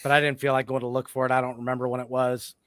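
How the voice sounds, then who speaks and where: A man's voice: mid-range voice, level tone, very fast, fairly bright tone, clean tone, dry recording. A man hosting a podcast in a casual, rambling way, often breaking off and restarting his sentences. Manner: rambling, self-interrupting. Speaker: podcast host. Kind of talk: casual chat.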